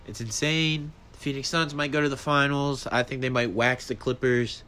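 A man hosting his own podcast, ranting in a casual, profane, animated way, his voice jumping high when he gets worked up. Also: normal speed, a little hiss or hum. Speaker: podcast host. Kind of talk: solo casual podcast rant.

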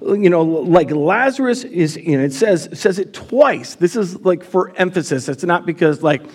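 A man's voice: high-pitched, animated, moderate pace, slightly rough. A man preaching a live sermon as pastor in a church, casual and chatty, with many fillers.

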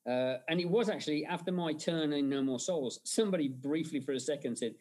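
A man's voice: on the high side, brisk, darkish tone. A man, a film director guest in an interview, talking at length with many fillers and restarts. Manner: rambling storyteller, frequent fillers and restarts. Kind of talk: conversational interview.

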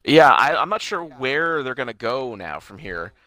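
A man chatting casually with a bright, sharp tone, hedging what he says and swearing now and then. The recording is dry and close. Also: mid-range voice, very animated, normal speed, no echo. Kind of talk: casual chat.

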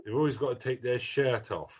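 A man's voice: medium pitch, brisk, a little mellow, husky, dull audio. A man co-hosting a podcast, teasing and cutting in with jokes and swearing. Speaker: podcast co-host. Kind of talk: casual chat.

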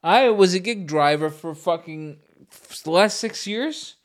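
A man in his thirties, co-hosting a crude, casual comedy chat and laughing his way through animated, profane stories. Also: high-pitched, measured pace. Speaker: podcast co-host.

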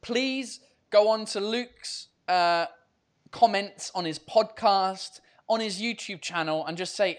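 Animated laughing man hosting a live chat. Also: sits high, slow pace. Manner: animated, laughs often, repeats "hold on"; mixes English and French. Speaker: host of a live show. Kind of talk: casual live-stream chat.

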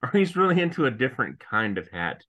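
A man's voice: medium pitch, sing-song, quick pace, bright, forceful tone, muffled recording. A man co-hosting a casual podcast, wisecracking and laughing often. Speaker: podcast co-host. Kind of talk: casual comedic recap chat.

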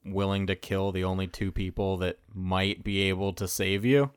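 A man's voice: sits low, steady tone, moderate pace, clean tone, no room sound, clean studio sound. A man in casual podcast chat, blunt and brief. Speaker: podcast co-host.

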